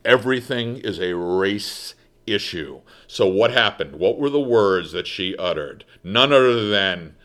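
A man's voice: on the low side, lively intonation, unhurried. Dramatic, emphatic male talk host. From United States. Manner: theatrical, emphatic, swings loud and soft. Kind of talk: dramatic monologue storytelling.

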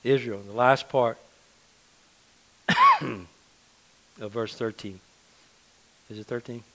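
A man's voice: medium pitch, huge pitch swings, slow, sharp tone, low-quality recording. A man preaching a sermon in a conversational, earnest manner, often repeating words for emphasis.

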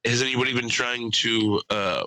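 Young male podcast co-host, crude joking storyteller, very bright tense tone, dry close sound. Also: medium pitch, steady tone, moderate pace, no room sound, rough recording. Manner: storytelling with crude jokes and voiced impressions. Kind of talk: casual chat.

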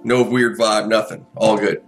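A man's voice: on the low side, little pitch movement, a little slow, soft background music. A man in a casual chat, telling a long, profane story with lots of restarts and fillers.

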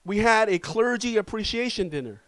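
A man preaching a sermon as pastor, telling a personal story in an animated, self-deprecating way. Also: high voice, moderate pace, no echo.

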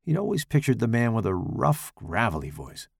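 Gravelly, expressive male horror narrator. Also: mid-range voice, moderate pace, no room sound, clean studio sound. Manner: expressive, dramatic storytelling. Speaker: audiobook narrator.

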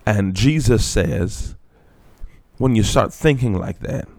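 A man preaching a sermon who reads scripture aloud, explains it in plain words, and slows down and drops low to stress a point. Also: lively intonation, vocal fry, darkish tone, no room sound.

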